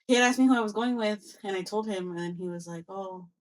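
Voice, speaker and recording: A young woman co-hosting a podcast tells a story in a loose, casual way. She acts out both sides of old conversations with lots of back-and-forth energy. Her voice sits in a middle pitch. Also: fast. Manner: animated storyteller, acts out quoted exchanges, mixes in Spanish phrases. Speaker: podcast co-host.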